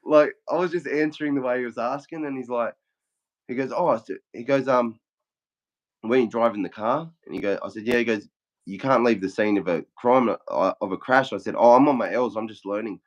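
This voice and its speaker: A man's voice: mid-range voice, brisk, highs cut off. A young Australian man casually telling a story, swearing often and acting out what everyone said. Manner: swears a lot, acts out quotes in a flat retelling. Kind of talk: casual chat.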